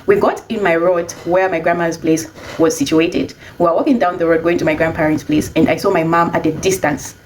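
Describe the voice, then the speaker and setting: A young adult woman casually telling a personal story, chatty and animated when she quotes herself. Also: lowish voice, brisk, a little hiss or hum, rough recording.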